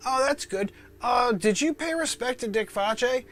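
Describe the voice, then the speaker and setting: A man's voice: very high-pitched, animated, unhurried, fairly bright tone, voice pushed up, exaggerated voice. A man putting on the voice of a friendly, upbeat Saint Peter greeting people at heaven's gate. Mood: chummy.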